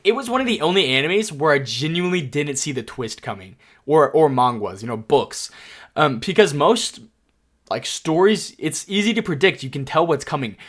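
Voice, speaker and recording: A young adult man with a slightly high voice talks through a tier list in a loose, casual way. He is excitable and rambles, piling up fillers as one story runs into the next. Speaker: anime YouTuber.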